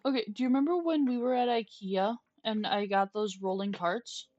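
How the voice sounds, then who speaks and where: With a fairly high pitch, a moderate pace, and no room sound, a young adult woman chats casually as she streams a game. Her stories ramble and restart, and she coos softly to her pet. The dull lo-fi mic has faint music underneath.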